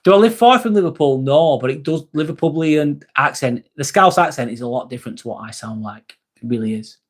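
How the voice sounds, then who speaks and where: East Lancashire man, livestream host; relaxed, matey, slightly high-pitched, casual swearing. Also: brisk. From Northwest England. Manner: laid-back, chummy, calls people "mate", swears freely. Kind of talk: casual live chat, reading viewer comments.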